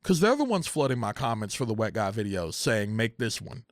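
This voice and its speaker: A man's voice: fairly low pitch, big pitch swings, a little fast, no echo, clean studio sound. Heated, profane young man ranting. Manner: heated, profane, repeats phrases, rising to near shouting. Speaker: content creator. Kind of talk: emotional casual rant.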